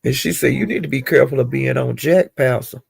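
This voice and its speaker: A man giving a casual, rambling gossip recap of livestreams, with animated retelling and frequent asides. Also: medium pitch, a little fast, gravelly, husky, no room sound.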